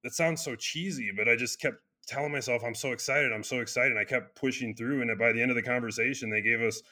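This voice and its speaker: A chiropractor being interviewed, talking earnestly in a casual conversation with loose restarts and frequent fillers. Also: male voice, medium pitch, steady tone, fast talker, pushed and bright. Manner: earnest, speaks in loose restarts with many "you know" fillers. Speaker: chiropractor and clinic founder.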